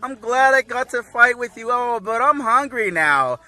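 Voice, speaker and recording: A man voicing Goku, an excitable, cheerful young hero, in a high, gushing, boyish voice. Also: moderate pace, full character voice. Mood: excited.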